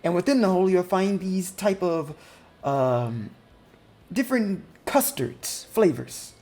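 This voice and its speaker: A small female Harvin clerk in a tabletop game, polite and hurried, with the ums and uhs of someone juggling papers, as the game master puts her on. The voice sits at a middling pitch and rises a little as she offers refreshments. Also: expressive, a little mellow. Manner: polite and hurried, with many fillers. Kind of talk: tabletop game role-play.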